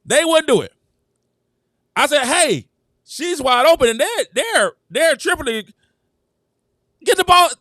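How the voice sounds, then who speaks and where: Man, very high voice, lively swooping delivery, sports show host, dry close sound. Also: a little slow, long pauses, no echo. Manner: excitable, repeats himself, addresses viewers as "citizens". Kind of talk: animated sports opinion talk.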